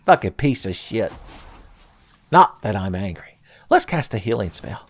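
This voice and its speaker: A man's voice: lowish voice, big pitch swings, measured pace. A man narrating a Let's Play, sarcastic and profane, with frequent jokes aimed at his viewers. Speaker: gameplay commentator.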